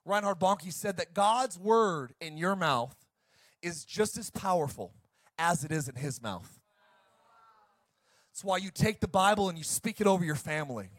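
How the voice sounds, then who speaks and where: Male pastor, middle-aged, high voice, passionate shouting sermon with quiet story passages, dry recording. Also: lively intonation, normal speed, pauses often, no echo. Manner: fired-up, shouting preacher who swings down to soft storytelling.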